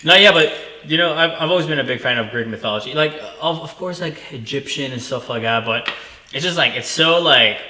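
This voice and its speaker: A man's voice: on the high side, brisk, sharp tone, a little hiss or hum. A male co-host in casual chat who swears freely and laughs easily. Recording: echoey room.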